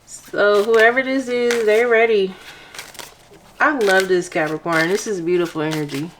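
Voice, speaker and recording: A young woman giving a casual tarot reading to her viewers, expressive and excitable, talking through tears at times. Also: mid-range voice, unhurried, background noise. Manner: expressive, excitable, exclaims often. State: emotional, near tears. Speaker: tarot reader.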